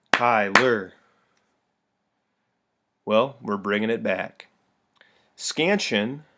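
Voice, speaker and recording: A man's voice: medium pitch, a bit bright. A young man gives a recorded classroom lesson in his own middle-range voice. He keeps it light and playful, dropping jokes and asides between the definitions as he walks through the material. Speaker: teacher.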